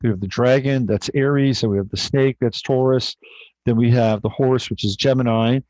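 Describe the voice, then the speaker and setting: A man's voice: mid-range voice, fairly even intonation, normal speed, darkish tone, dry recording. A man hosting an astrology livestream, telling a story in a rambling, casual way, swearing and often correcting himself, on a dull, dry recording.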